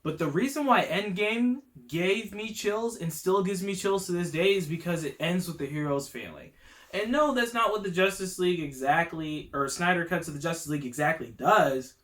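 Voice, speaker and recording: Excitable man reviewing a movie. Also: high voice, normal speed. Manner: excitable, gets worked up; slangy, enthusiastic storytelling. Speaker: YouTube channel host. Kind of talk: casual movie review vlog.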